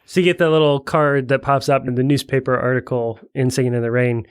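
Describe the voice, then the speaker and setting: Smooth-voiced man chiming in on a podcast. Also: mid-range voice, fairly even intonation, quick pace, no room sound, clean studio sound. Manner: agreeable, chiming in. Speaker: podcast co-host. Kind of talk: casual film discussion.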